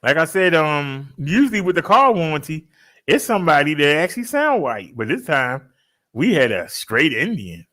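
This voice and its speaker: A man telling a story to his followers in a casual, joking way, laughing often and switching into high mimicking voices. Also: sing-song, normal speed, sharp tone. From Baltimore, US. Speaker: fitness vlogger telling a story.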